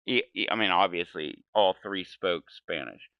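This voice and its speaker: A man's voice: deep voice, a little slow, no echo, highs cut off. A man in his forties telling a meandering story while gaming, often correcting himself and laughing. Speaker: gaming channel host.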